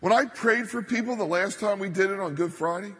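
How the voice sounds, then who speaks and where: A man's voice: high-pitched, fairly quick, fairly bright tone, slightly rough. A middle-aged man preaching a sermon as a pastor, speaking emphatically and leaning hard on his key points. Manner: emphatic, building to stressed points. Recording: reverberant church hall.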